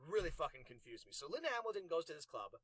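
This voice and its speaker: A man's voice: on the high side, big pitch swings, fast talker, a bit bright, no room sound. A man co-hosting a casual, profane movie-review chat, jumping into silly voices for quotes. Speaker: podcast co-host.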